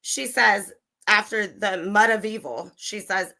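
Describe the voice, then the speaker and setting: A woman's voice: medium pitch, a little slow, bright, forceful tone. Heated, profane woman streamer. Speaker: true crime livestreamer. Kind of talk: angry livestream commentary.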